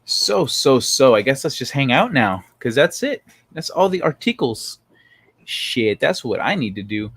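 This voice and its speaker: Lively, profane male livestream host. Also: mid-range voice, a little slow, slightly rough, dry recording. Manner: loose, profane, joking with chat. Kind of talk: casual livestream chat reading viewer comments.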